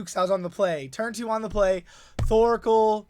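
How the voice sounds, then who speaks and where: Excitable man rambling about his games. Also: high-pitched, a little hiss or hum. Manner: excitable, rambling, quick asides. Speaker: tournament organizer and player. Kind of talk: casual deck breakdown.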